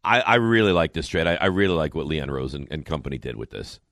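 A man hosting a sports radio show, chatting and teasing his co-hosts in animated, storytelling banter. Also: very deep voice, quick pace, no room sound, studio quality.

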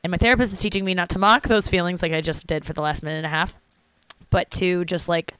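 A woman's voice: on the low side, fairly even intonation, quick pace, a bit bright, clear, resonant tone, no room sound. A young woman talking candidly from her bed after crying, rambling and mocking herself. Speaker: vlogger. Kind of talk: confessional casual talk to camera. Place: in bed at home.

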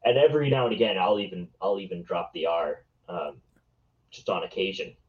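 A man's voice: low-pitched, animated, brisk. A man co-hosting a podcast in casual chat, making dry, blunt remarks. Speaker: podcast co-host. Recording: dull, lo-fi mic.

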